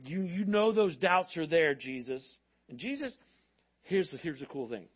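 Guy preaching, kinda high voice, lively storytelling, dull lo-fi sound. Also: normal speed, husky. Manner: animated storytelling preacher, conversational. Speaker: pastor. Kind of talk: sermon.

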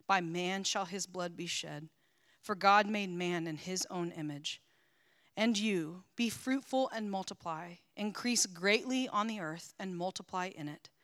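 A woman reading a scripture passage aloud in church in a measured, even way. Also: medium pitch, no room sound, clean studio sound. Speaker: scripture reader.

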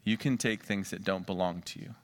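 A middle-aged pastor from Western Pennsylvania preaching a sermon in a conversational way, full of rhetorical questions. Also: male voice, low voice, a little fast.

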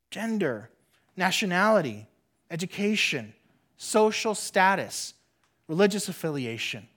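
An adult pastor preaching a sermon in an earnest way, repeating phrases for emphasis and often dropping to a soft, quiet voice. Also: mid-range voice.

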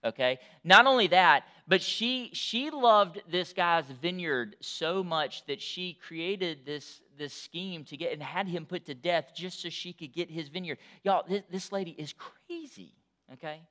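Bright-voiced man preaching a conversational sermon. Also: high voice, measured pace. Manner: conversational preaching, rising to loud emphatic peaks. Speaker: pastor.

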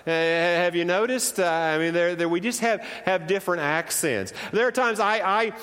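An American man with a slight Southern drawl, a pastor preaching a sermon in a conversational, animated way that swings up and down. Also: sits high, normal speed. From United States. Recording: long reverb of a church hall.

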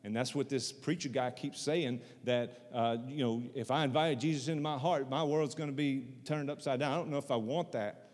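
A man's voice: medium pitch, moderate pace, darkish tone, long reverb tail. A man preaching a sermon in a conversational way, repeating phrases for emphasis. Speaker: pastor.

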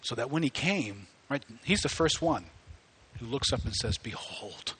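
A man preaching a sermon, animated and conversational, rising to near-shouts at high points. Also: normal speed, breathy edge. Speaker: pastor.

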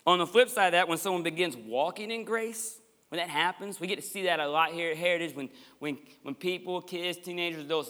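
Passionate pastor with a bright, forceful voice. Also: male voice, fairly high pitch. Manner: passionate, emphatic preaching with folksy asides. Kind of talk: sermon. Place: church sanctuary. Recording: long echoey church hall reverb.

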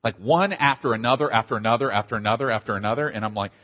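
A middle-aged man, a pastor, giving a conversational conference talk with quick asides and a slight Southern accent. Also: mid-range voice, fairly bright tone. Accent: slight Southern American. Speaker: pastor and church planter. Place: conference hall. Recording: dull audio in a large hall.

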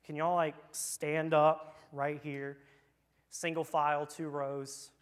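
In a church room with children present, a children's church leader runs an interactive Bible lesson, reading scripture and joking playfully and casually. His fairly high voice is smooth and level, and he takes it slowly.

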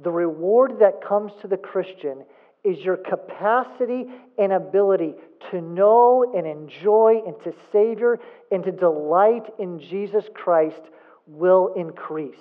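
A man's voice: high-pitched, unhurried. A man preaching a sermon as a pastor, emphatic, asking rhetorical questions and repeating points for emphasis. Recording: phone-like thin sound.

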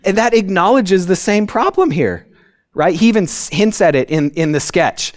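A male pastor giving a conversational sermon, often checking in with "right?" and acting out quotes with sudden high outbursts. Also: very animated, normal speed, no echo. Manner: conversational preaching, tags points with "right?".

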